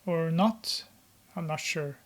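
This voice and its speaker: A film commentator giving casual running commentary while watching a movie, talking hesitantly with many filler pauses. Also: mid-range voice.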